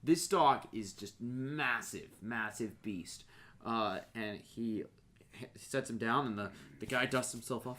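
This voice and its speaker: A man's voice: medium pitch, takes it slowly. A man narrating as game master in a tabletop role-play session, telling the scene vividly. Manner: animated, vivid storytelling.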